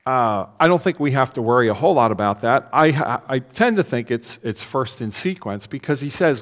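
Lively-voiced man preaching in a reverberant hall. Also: mid-range voice, a little fast, hardly any pauses. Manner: conversational preaching with rhetorical questions and acted-out quotes. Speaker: pastor. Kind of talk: sermon.

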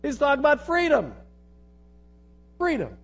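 A man's voice: very high voice, wildly swooping pitch, unhurried, fairly bright tone, rough recording. A man preaching an earnest sermon, reading scripture aloud and repeating key phrases. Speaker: pastor.

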